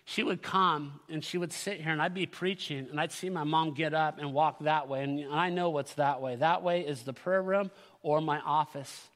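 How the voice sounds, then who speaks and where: A middle-aged male pastor preaches with earnest conviction and calls out to his congregation. His voice sits high and sounds bright and forceful. The sanctuary gives the sound a long, ringing reverb. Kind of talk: sermon. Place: church sanctuary.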